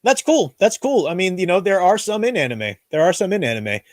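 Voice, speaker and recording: A man hosts his own commentary show in a casual, opinionated rant, tripping over his words as he gets worked up. His voice sits a bit high and moves all over the place. The sound is close and dry. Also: animated, a little fast, no room sound. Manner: indignant, ranting, with many restarts. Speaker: commentary channel host.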